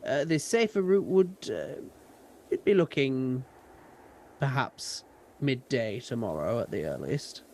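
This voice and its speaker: A British man voicing a lone, calm and cryptic old male druid guide in a tabletop game, speaking in slow, measured phrases. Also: mid-range voice, a little hiss or hum.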